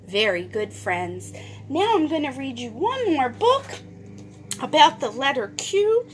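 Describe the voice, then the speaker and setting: Slow sing-song woman teacher. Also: sits high, sing-song, heavy background noise. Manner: sing-song, drawn-out, switching to whispers. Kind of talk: phonics lesson for young children.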